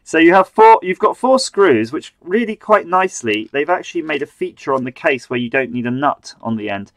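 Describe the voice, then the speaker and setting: A man's voice: on the high side, very animated, brisk, fairly bright tone, no room sound. A man hosting a live stream, chatting and muttering to himself as he builds an electronics kit. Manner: chatty, self-mocking, mutters while working.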